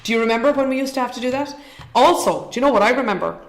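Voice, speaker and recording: A woman's voice: on the high side, animated, rapid-fire, reverberant. An Irish woman hosting a live investing show, upbeat and chatty as she reads out viewer comments. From Ireland. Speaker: show host.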